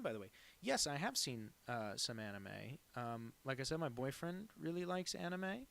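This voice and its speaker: A man's voice: medium pitch, very animated, normal speed, vocal fry, few pauses, fairly bright tone, smooth. Chatty cartoonist man, rambling. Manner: rambling, self-deprecating, chatty asides. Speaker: cartoonist streaming a drawing session. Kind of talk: casual live-stream chat.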